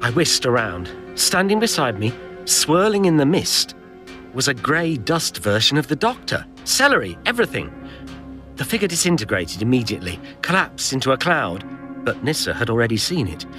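Tormented young companion, urgent audiobook narration, lively pitch, bright tone, faint music behind. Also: male voice, moderate pace. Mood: tense. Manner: urgent, breathless storytelling. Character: Turlough, young man companion, tormented, head in pain. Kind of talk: first-person audiobook narration.

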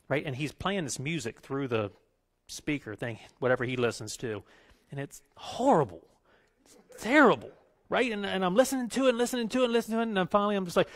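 A middle-aged male pastor giving a conversational sermon, telling stories and building into animated rants. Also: a little high, a little fast.

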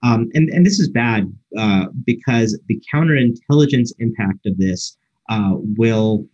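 A man speaks in a low register with a slightly husky voice, giving a keynote talk. He explains things step by step and often restarts his phrases with fillers. The audio sounds dull and lo-fi. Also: darkish tone.

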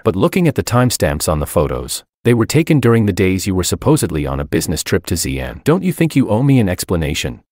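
A man's voice: deep voice, darkish tone, no room sound, studio quality. A man reading a first-person drama story aloud, with wry, theatrical timing and a sly edge. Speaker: story narrator.

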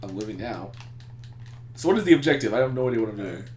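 A man's voice: lowish voice, quick pace, echoey room, a little hiss or hum. A man chatting casually while playing a game with friends, laughing often and ranting about movies. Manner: giggly, ranting, animated. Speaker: let's play gamer. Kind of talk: casual gaming chat.

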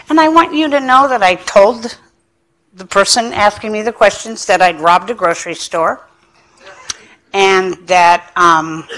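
A woman speaking at a lecture, telling her own recovery story with self-mocking humor and acting out the people in it. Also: fairly low pitch. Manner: animated storytelling, acting out quoted dialogue. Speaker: addiction specialist speaker.

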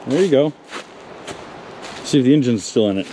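A car magazine presenter gives a casual walkaround of old cars outdoors in a wooded salvage yard, chatting to viewers and even talking to the cars. His voice is medium-pitched and animated, at a moderate pace, with background noise.

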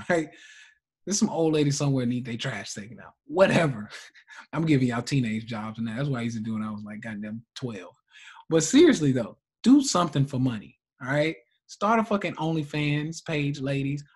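A man's voice: mid-range voice, darkish tone, breathy edge. A man running a live trading class, blunt and profane, laughing often between points.

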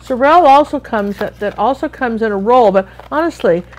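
A woman's voice: on the high side, expressive, normal speed. Chatty American woman teaching painting. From Washington State, USA. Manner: chatty, rambling with friendly asides. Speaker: art instructor. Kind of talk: live painting tutorial.

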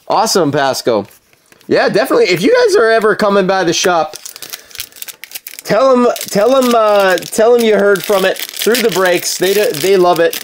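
A man's voice: high-pitched, slight background noise. A man hosting a live card-break stream, chatting casually with viewers, with lots of fillers, and calling out cards as he opens packs. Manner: chatty, filler-heavy, calls out cards while talking to viewers.

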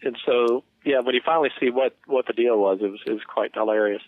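An easygoing man co-hosting a casual movie chat, weighing his points calmly. His mid-pitched voice comes through a narrow, tinny line that sounds phone-like, with a dry, close sound. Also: fast talker, no room sound. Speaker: podcast co-host.

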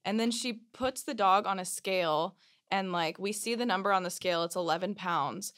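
A woman's voice: medium pitch, moderate pace, a bit bright. A woman guest on a podcast, telling a story in casual chat, with lots of "like" between phrases. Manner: chatty, many "like" fillers.

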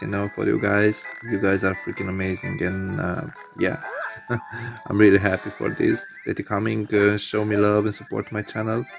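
A man's voice: fairly low pitch, creaky. A man hosting his own channel, rambling and laughing often through casual gameplay commentary. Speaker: channel host.

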